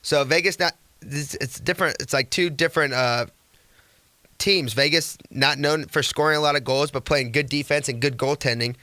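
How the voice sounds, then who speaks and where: A young man hosting a casual sports talk radio show, energetic and rambling, who slips into rhetorical rants. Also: on the high side, normal speed, no echo.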